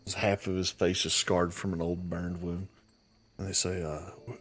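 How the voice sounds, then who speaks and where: Low-voiced man narrating a tabletop game. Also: level tone, normal speed, slight background noise. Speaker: game master.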